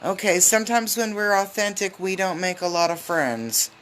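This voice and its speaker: A woman giving a casual live tarot reading on a phone, chatty and loose, with lots of filler ums and quick hellos to her viewers. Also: medium pitch, fairly bright tone, a little hiss or hum. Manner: greets viewers mid-reading. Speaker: tarot reader.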